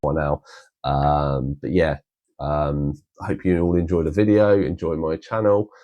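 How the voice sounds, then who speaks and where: A man's voice: rumbling low, fairly even intonation, unhurried, dull audio. A man rambling casually with many restarts, showing off his collection in a vlog. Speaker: collector vlogger.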